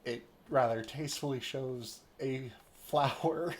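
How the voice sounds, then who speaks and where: A man's voice: medium pitch, slow. Wry man streaming a game. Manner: wry, amused asides. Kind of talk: gameplay commentary. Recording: music playing behind.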